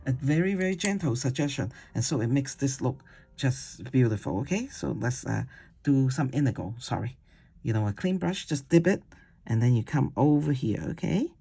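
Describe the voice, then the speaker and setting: A watercolor instructor giving a casual painting demonstration, chatty and digressive, who coaxes gently and ends steps with "okay?". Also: medium pitch, animated, moderate pace, gravelly, slightly rough.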